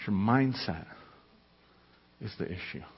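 A pastor preaching a sermon, emphatic and conversational, often asking the listeners questions. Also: male voice, lowish voice, animated, takes it slowly, husky. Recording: echoey hall, dull lo-fi sound.

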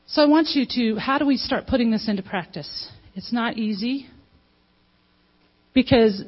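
Conversational woman preaching, dull audio. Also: mid-range voice. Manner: conversational, asks the audience questions, acts out quotes. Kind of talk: sermon.

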